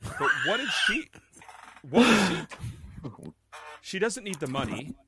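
A man co-hosting a casual chat, telling animated stories and laughing often. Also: high voice, takes it slowly, crowd noise. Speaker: podcast co-host. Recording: noticeable background noise.

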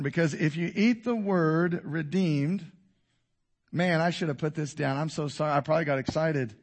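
A man in his fifties preaching a sermon to a congregation, swinging between loud exhortation and quiet intensity. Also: a little high. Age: 50s. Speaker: pastor. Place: church before a congregation.

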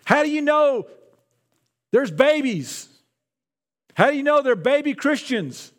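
Guy with a high voice giving a sermon, chatty and loose, repeats himself a lot. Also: sing-song, takes it slowly. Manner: conversational, repeats words. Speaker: pastor.

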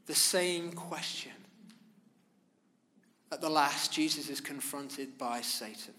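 A man preaching a sermon, speaking in measured, emphatic phrases with pauses. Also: a little high, bright, forceful tone. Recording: long reverb of a large hall.

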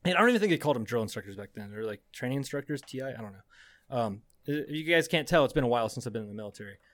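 A man's voice: medium pitch, animated, racing, a bit bright, no echo. A young adult man, a podcast co-host, telling a rambling story in casual chat, swearing often and laughing as he goes.

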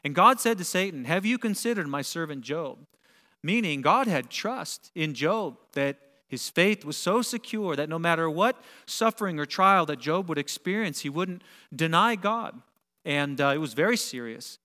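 Male preacher, fairly high voice, animated delivery, big hall reverb. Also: moderate pace. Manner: animated, builds to emphatic peaks. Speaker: pastor. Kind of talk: sermon. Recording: long reverb of a large hall.

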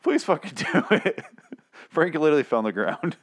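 A man's voice: fairly high pitch, big pitch swings, fairly quick. A man co-hosting a comedy podcast, ranting in casual banter with profanity and exasperation. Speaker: podcast co-host.

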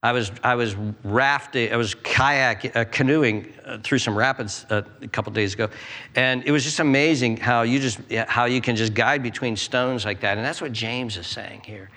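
A man preaching a sermon, acting out prayers and inner voices with animated delivery. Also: mid-range voice, moderate pace, big-room sound. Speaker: pastor. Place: church.

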